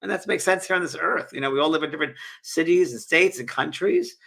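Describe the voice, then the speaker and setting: A man who hosts a spiritual talk show as a medium, telling stories in an animated way with frequent chuckles and halting restarts. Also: a little high, creaky. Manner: animated storyteller, chuckling often; halting restarts and repeated words.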